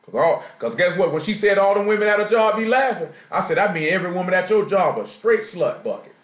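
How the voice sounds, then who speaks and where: Man, Southern US accent, preacher, high voice, slangy rhetorical sermon, echoey room. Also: expressive, fast talker. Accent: Southern US, Jacksonville Florida. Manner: slangy, rhetorical, asks the congregation questions. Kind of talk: street-talk sermon. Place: church assembly room. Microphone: live stream recording. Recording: echoey room, live stream.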